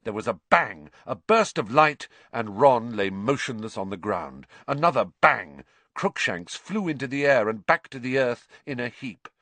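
A man narrating a story aloud, expressive and dramatic, rising with the action. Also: mid-range voice, moderate pace, dry recording. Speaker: audiobook narrator.

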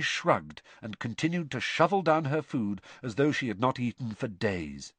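A man narrating an audiobook in an expressive, varied storytelling manner. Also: mid-range voice, normal speed, hardly any pauses, breathy edge, dry recording.

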